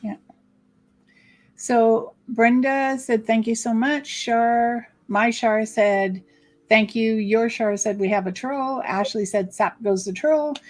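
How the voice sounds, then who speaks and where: A woman's voice: fairly high pitch, fairly even intonation, slow, a little mellow. A woman co-hosting a live psychic card-reading stream, chatting and reading viewer comments aloud. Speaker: co-host psychic reader.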